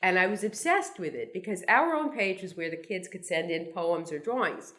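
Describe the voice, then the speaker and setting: Speaking at a normal pace, this sixtyish Brooklyn cartoonist has a lowish, expressive, fairly bright voice. Addressing an audience as a guest, she rambles through wry stories at her own expense, with plenty of restarts and side remarks.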